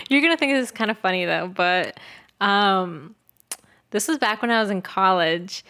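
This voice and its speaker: A woman's voice: mid-range voice, animated, measured pace, pushed and bright. A young woman co-hosting a podcast, chatting casually, laughing often and reacting with short exclamations. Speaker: podcast co-host. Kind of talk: casual chat.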